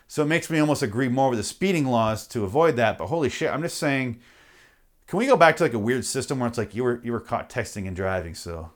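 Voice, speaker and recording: A man hosting a podcast, ranting comedically and profanely and acting out little bits. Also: medium pitch. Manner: profane, animated, acts out bits. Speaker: podcast host. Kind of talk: comedic solo rant.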